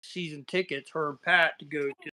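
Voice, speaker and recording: A man's voice: a little high, fairly even intonation, normal speed, sharp tone. A man with a Southern American accent hosting a casual livestream chat, telling rambling, folksy stories over a video call. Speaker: livestream host.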